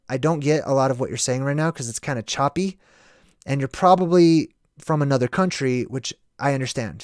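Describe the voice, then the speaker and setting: A man's voice: on the high side, dry recording, clean studio sound. Rambling American man hosting a livestream. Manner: rambling and reflective, keeps asking "right?". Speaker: livestream host. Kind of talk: casual livestream talk.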